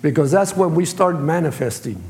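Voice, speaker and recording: A man's voice: fairly high pitch, lively intonation, moderate pace, vocal fry, darkish tone. A man preaching a sermon as pastor, speaking in plain colloquial phrasing and acting out voices. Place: church sanctuary. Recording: echoey church hall.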